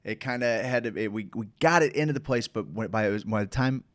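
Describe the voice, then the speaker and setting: A man's voice: lowish voice, fast talker, dry recording. A man with a Midwestern American accent telling a long, profane, rambling story as host of a casual live show.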